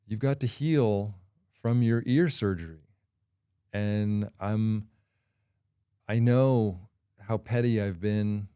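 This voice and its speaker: A middle-aged man hosting a podcast, talking through a personal confession in a candid, halting way with frequent pauses. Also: lowish voice, warm tone, smooth, no room sound, studio quality. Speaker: podcast host.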